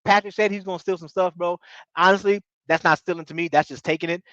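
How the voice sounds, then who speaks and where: A man recapping a reality show in casual commentary, talking excitably in slang and tripping over his words. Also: sits high, fast talker, no echo, highs cut off. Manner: excitable, slangy, repeats bro, stumbles.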